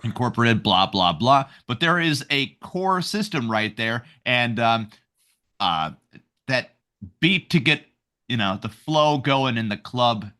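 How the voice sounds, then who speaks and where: A man's voice: mid-range voice, lively intonation, slow pace, bright, forceful tone. A man hosting a podcast, trading crude, irreverent jokes in rambling casual banter. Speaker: podcast host.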